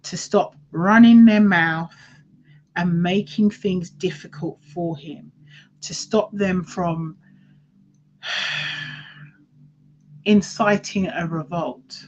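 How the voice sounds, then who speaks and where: Emphatic woman, slow and muffled. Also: on the low side, a little mellow, a little hiss or hum. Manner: emphatic, repeats phrases, swears casually. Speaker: tarot reader. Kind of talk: casual tarot reading commentary.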